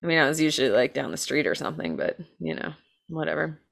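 Chatty low-voiced woman telling a crime story. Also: sing-song, fast talker, vocal fry. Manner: chatty, many "like"s, laughs often. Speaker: podcast co-host telling a true crime case. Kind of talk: casual true crime storytelling.

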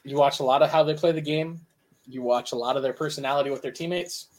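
A man co-hosts a casual sports podcast with a fairly high voice. He argues hard, repeating his lines for emphasis. His talk is loose and opinionated. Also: steady tone, fast talker, darkish tone. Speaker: podcast co-host.

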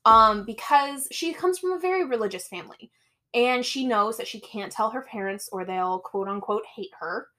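A woman's voice: on the high side, expressive, normal speed, pushed and bright. A young woman co-hosting a podcast, chatting casually as she retells a movie's plot and acts out the characters' lines. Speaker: podcast co-host. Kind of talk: casual chat recapping a movie.

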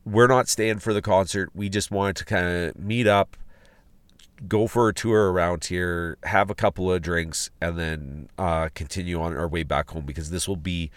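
A man's voice: deep voice, steady tone, normal speed, clear, resonant tone, no echo. A man hosting a podcast, recounting a road trip in a rambling, casual way with restarts and fillers. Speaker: podcast host. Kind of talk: casual spoken travel log. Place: outdoors at a ghost town site.

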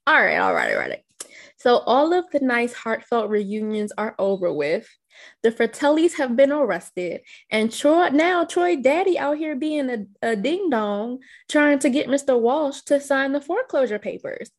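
Slightly high-voiced woman co-host, light and giggly recapper. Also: sing-song, measured pace. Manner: narrates scene rundown, giggles often. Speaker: podcast co-host. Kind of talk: casual chat recapping a film.

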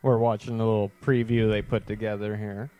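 A man's voice: lowish voice, a little fast, dull audio. Easygoing storytelling podcast man. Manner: easygoing, steady anecdotes with frequent mm-hmms. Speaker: podcast co-host. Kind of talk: casual chat, storytelling.

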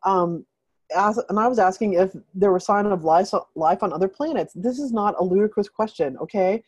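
Rambling woman with a dark voice. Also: mid-range voice, moderate pace, husky, dry recording, dull audio. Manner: rambling, filler-heavy, animated retelling. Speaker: host of a group video call. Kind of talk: casual storytelling chat.

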